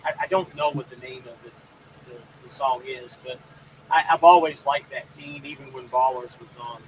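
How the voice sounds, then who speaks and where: A man's voice: medium pitch, fairly even intonation, moderate pace, slight background noise, poor audio. A man hosting a casual live stream about trucking, rambling and greeting viewers by name. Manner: rambling, reads out viewer comments.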